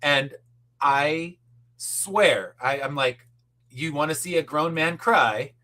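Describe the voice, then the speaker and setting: A man's voice: on the high side, slow pace, sharp tone. A middle-aged man, a podcast guest, telling a story in casual chat and acting out the people he quotes, with casual swearing.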